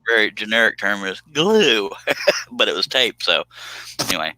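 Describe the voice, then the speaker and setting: Deep-voiced joking man. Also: very animated, normal speed, sharp tone, dry recording, poor audio. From United States. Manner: joking, teasing, chuckles often. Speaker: live stream host, woodworker. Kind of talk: casual live stream chat.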